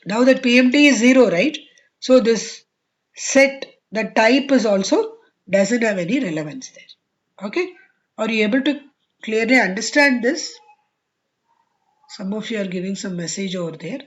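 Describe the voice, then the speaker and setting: A woman's voice: on the high side, lively intonation, moderate pace, pauses often, muffled recording. Woman teaching finance online. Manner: explains step by step with repeated okays. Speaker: finance instructor. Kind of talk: online class lecture. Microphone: video call.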